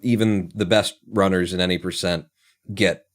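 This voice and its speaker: A man's voice: deep voice, fairly even intonation, moderate pace. A man commentating a speedrun race live, chatty and laughing often, with many fillers. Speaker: tournament commentator.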